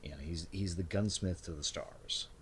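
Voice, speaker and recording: A man narrating a tabletop game as game master, in a relaxed storytelling way with fillers. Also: sits low, moderate pace, slight background noise.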